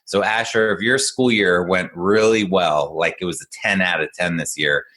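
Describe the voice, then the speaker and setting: A man working as an executive function coach, talking casually in a podcast and explaining ideas in an encouraging way with animated storytelling. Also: deep voice, moderate pace.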